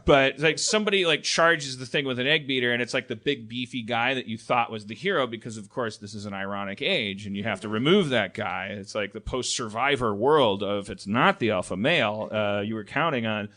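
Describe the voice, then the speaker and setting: Male comedy podcast host, rambling and profane, bright-toned. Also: medium pitch, fairly quick, few pauses. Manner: rambling, many restarts, profane. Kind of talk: live comedy podcast riffing.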